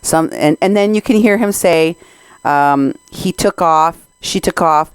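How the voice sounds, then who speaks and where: A woman's voice: low-pitched, a little slow, clear, resonant tone, no echo. A Mexican American woman hosting a podcast, commenting on recorded clips in an indignant, sarcastic way. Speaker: podcast host.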